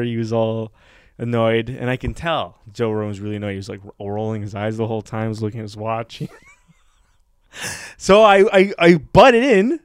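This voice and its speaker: Smooth-voiced man telling a story. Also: mid-range voice, normal speed. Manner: animated storyteller, acts out voices, laughs often. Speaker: podcast co-host. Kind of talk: casual storytelling chat.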